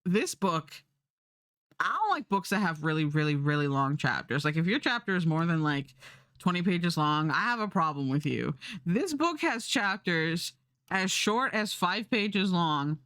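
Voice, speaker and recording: A woman's voice: lowish voice, very animated, measured pace, fairly bright tone, no echo, clean studio sound. A young adult woman streaming, chatting casually and rambling while she draws, swearing now and then.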